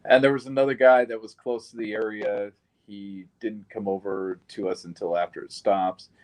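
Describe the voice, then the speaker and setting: Low-voiced man giving a blunt witness account. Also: fairly even intonation, normal speed, rough recording. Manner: blunt, plain-spoken retelling with occasional swearing. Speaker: shooting survivor giving a statement. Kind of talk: recorded witness interview.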